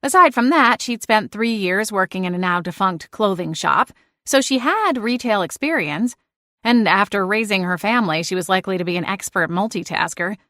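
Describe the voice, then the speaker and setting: A woman narrating a cozy audiobook in the first person, lively and expressive. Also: mid-range voice, normal speed, dry recording, clean studio sound.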